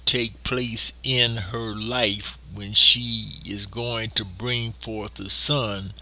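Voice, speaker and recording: Slow, deliberate man preaching a sermon. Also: fairly low pitch, steady tone, bright, forceful tone.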